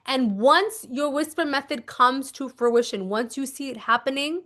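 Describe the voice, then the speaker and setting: A woman with a somewhat high voice coaches her listeners in a loose, chatty monologue. She hammers home her points by repeating them and keeps asking "okay?" She acts out little scenes as she goes. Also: normal speed, a bit bright. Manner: emphatic, repeats instructions, checks in with "okay?". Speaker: manifestation coach. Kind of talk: casual teaching monologue.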